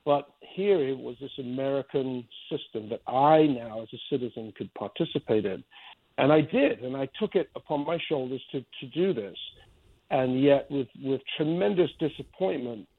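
A man's voice: mid-range voice, animated, normal speed, no echo. A middle-aged man from Spain, an artist giving a long, rambling interview answer, often restarting and repeating his words. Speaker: artist guest. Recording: tinny phone-line sound.

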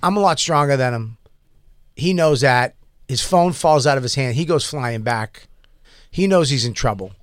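A man telling a story in casual chat, animated and profane, acting out the people in it. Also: medium pitch, moderate pace, no echo, studio quality. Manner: animated, profane, acts out the people in his stories.

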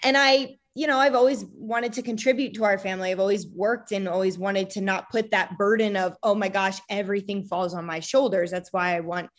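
A woman's voice: mid-range voice, fairly even intonation, a little fast, hardly any pauses. A woman in her thirties talking casually as an interview guest, chatty with many fillers and acting out quoted lines. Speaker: guest, wife of a retired fighter.

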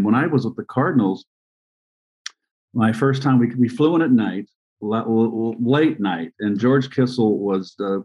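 A man in his sixties, an interview guest telling long, rambling anecdotes with restarts and pauses. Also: lowish voice, breathy edge, highs cut off. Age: 60s. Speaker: interview guest, former baseball player and manager. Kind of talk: conversational storytelling.

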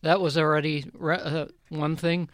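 Halting storyteller, higher male voice. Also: flat delivery, fairly bright tone, dry recording. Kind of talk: casual anecdote.

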